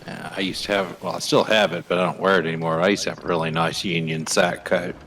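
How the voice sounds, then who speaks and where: A man from the US South chatting with a friend over a game, cracking dry, deadpan jokes. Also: low-pitched, fast talker, slight background noise, poor audio. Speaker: co-player. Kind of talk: casual chat while gaming.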